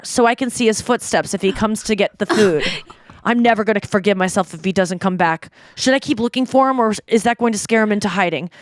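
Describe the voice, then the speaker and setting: A woman's voice: mid-range voice, dry recording, studio quality. A woman in her thirties hosting a podcast in casual chat, telling stories and reading texts aloud with frequent giggles. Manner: giggly, animated storytelling, reads texts aloud. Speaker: podcast host.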